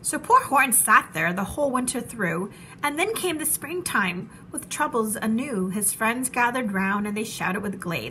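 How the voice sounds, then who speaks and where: A woman teacher reading a children's storybook aloud, expressive and animated, dropping to a hush at tense moments. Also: on the high side, measured pace, a little hiss or hum, poor audio.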